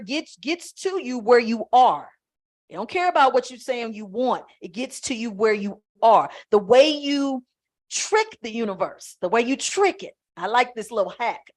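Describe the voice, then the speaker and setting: A woman spiritual coach teaching on a live stream, talking in an emphatic, conversational way that gets loud at times. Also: on the high side.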